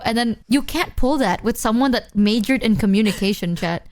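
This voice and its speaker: A woman's voice: on the high side, fairly quick. A woman streamer in a played clip, rambling and flustered, apologizing as she chats casually. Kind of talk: casual chat.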